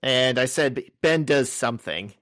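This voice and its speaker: Here a podcast co-host talks a little slowly in an animated, mid-range male voice with a fairly bright tone; the recording is dry and studio quality. His casual recap of a comic moves scene by scene, peppered with crude humor.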